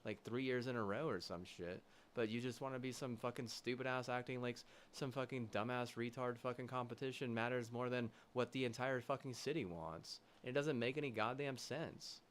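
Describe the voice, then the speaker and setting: A young man streaming live, ranting angrily with constant swearing, halting restarts and loud agitated bursts. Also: mid-range voice, slight background noise. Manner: heated, profane, swearing constantly; halting restarts, trailing fillers. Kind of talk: angry livestream rant.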